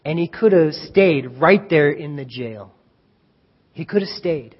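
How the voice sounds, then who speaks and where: A male preacher giving an animated sermon, retelling a story and acting out the scenes. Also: fairly high pitch, measured pace, husky. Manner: animated, acts out scenes, chuckles at own jokes. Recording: dull reverberant hall recording.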